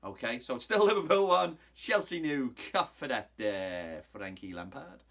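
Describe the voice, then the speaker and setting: A man in his thirties gives a casual football match recap as a fan vlogger. He is cheeky and mocking, and he drifts off topic. His voice is bright and forceful. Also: mid-range voice, animated, unhurried.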